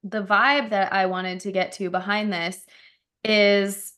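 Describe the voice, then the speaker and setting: Bright-voiced chatty woman podcaster. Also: mid-range voice. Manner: animated storytelling, lots of "like". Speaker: podcast host. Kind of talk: casual chat.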